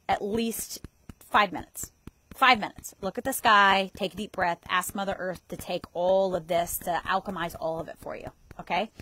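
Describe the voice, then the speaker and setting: A woman's voice: mid-range voice, sharp tone, low-quality recording. A woman guiding an EFT tapping session outdoors, talking casually, swearing freely and laughing often. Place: outdoors in a yard at dusk.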